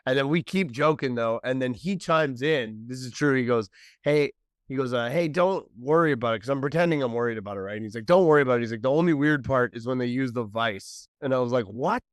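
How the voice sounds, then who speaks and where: Smooth-voiced man telling a story. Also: medium pitch, fairly quick, dry recording, clean studio sound. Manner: animated, laughing, acts out dialogue. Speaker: podcast co-host and comedian. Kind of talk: casual storytelling chat.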